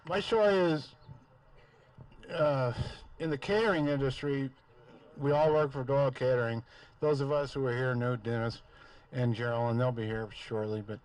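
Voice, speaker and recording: A man's voice: mid-range voice, steady tone, moderate pace, a little mellow, dry recording, poor audio. A man speaking into a microphone at a memorial gathering, telling a fond story with many fillers. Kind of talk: casual storytelling.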